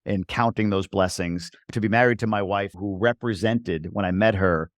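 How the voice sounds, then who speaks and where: A man in his forties from New York, talking as a guest in a casual interview, emphatic and lively as he tells stories. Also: fairly low pitch, moderate pace, no room sound, clean studio sound. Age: 40s. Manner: emphatic, acts out voices of other people in quotes. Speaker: podcast guest.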